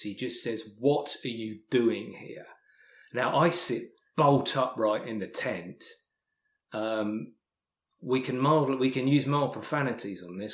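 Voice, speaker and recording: English male guest, mid-pitched, halting storyteller who restarts and repeats words, recorded with roomy echo. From England. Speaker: podcast guest, hiker and author. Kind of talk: casual spoken storytelling.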